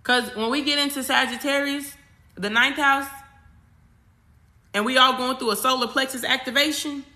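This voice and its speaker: A spiritual coach and astrology livestream host speaks casually to viewers in a high, bright voice, with a steady tone and moderate pace. She is emphatic and repetitive, talks straight at the audience, and uses casual slang and swearing.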